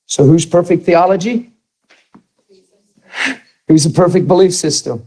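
A man's voice: sits high, measured pace, pauses often, warm tone, rough recording. A man preaching a sermon, telling a story and asking the audience questions.

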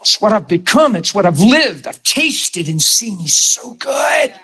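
A man preaching a sermon, telling his own story, dropping to a hush and then raising his voice to drive a point home. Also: sits high, very animated, unhurried, breathy edge. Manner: testimony swinging from hushed to raised voice.

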